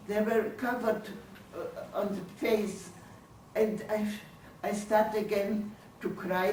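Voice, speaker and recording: An older woman giving her testimony as a lecture, speaking slowly and searching for words. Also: mid-range voice, darkish tone, slight background noise. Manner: slow, halting, searching for English words. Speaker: Holocaust survivor giving testimony. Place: lecture hall. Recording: roomy hall, voice from far off.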